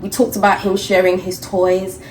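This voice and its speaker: A woman's voice: medium pitch, monotone, moderate pace, a little hiss or hum, rough recording. A middle-aged woman, chatting and laughing to camera as a vlogger, recorded on a handheld phone. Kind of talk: casual chat to camera. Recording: music playing over the voice.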